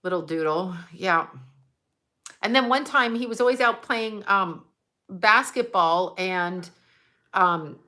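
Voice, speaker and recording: Chatty bright-voiced woman livestreaming. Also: medium pitch, takes it slowly, long pauses. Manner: rambling, laughing, chatty asides. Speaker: livestream host. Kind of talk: casual livestream chat reading comments.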